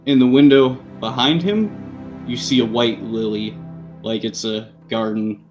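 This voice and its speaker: A man who is the game master, narrating a tabletop game in a slow, deliberate, grim way. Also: mid-range voice, faint music behind.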